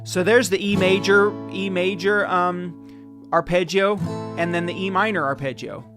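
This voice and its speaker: A man gives a casual, rambling guitar lesson on a home livestream, chatting with viewers by name. His voice sits high, with fairly even intonation and a slightly slow delivery. He's in a dim home room on a livestream mic, with guitar playing in the background.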